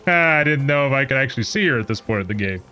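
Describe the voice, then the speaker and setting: A man's voice: medium pitch, animated, fast talker, sharp tone. A man chatting and joking while he streams a game, loose and casual. Faint music plays in the background.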